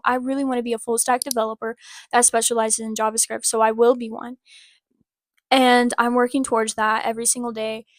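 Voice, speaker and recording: A woman's voice: high-pitched, fairly bright tone, no room sound, studio quality. Earnest, rambling young-sounding woman vlogger. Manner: earnest and encouraging, rambling with many "like" fillers. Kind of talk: casual personal update to camera.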